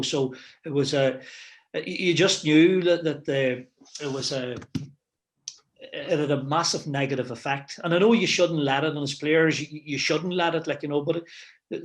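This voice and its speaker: A middle-aged male football manager with a mid-range voice reminisces in a casual interview. He rambles, saying "you know" a lot and restarting his sentences.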